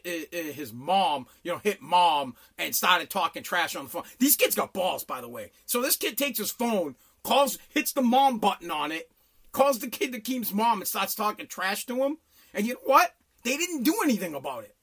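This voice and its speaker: A middle-aged man telling a blunt, profane story in a casual rant. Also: sits high. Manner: animated, profane, blunt storytelling with mock voices.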